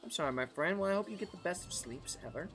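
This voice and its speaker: Excitable chatty male game streamer. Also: sits high, fast. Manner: excitable, chatty, laughs often. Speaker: gaming streamer. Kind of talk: live gameplay commentary chatting with viewers. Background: faint background music.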